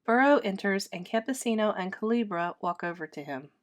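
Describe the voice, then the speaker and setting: A woman teacher reading a children's play aloud, clearly and steadily. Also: medium pitch, animated, fairly quick.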